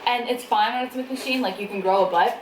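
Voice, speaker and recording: Eating on camera in a mukbang vlog at home, a young woman talks quickly in a fairly high voice, laughing often between bites. The indoor recording has an echoey sound and faint background noise.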